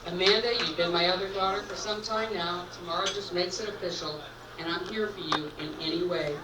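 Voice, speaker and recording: At a rehearsal dinner in an echoey banquet hall, a middle-aged woman delivers an earnest, sentimental toast as the groom's mother. Her lowish voice is steady and fairly quick, captured from afar with background noise.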